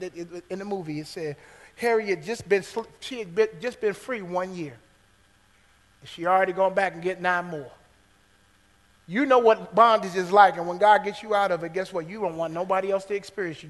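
A man preaching a sermon to his congregation, swinging between loud preaching and hushed near-whispers and calling out "guess what" again and again. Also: high-pitched, a little fast, long reverb tail, rough recording. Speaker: pastor. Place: church sanctuary.

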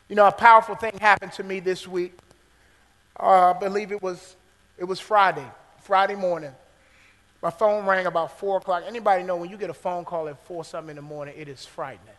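High-voiced preacher in a reverberant church. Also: male voice, fairly quick. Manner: swings between loud preaching and hushed near-whispers; repeats "guess what" as a call to the congregation. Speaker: pastor. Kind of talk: sermon. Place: church sanctuary.

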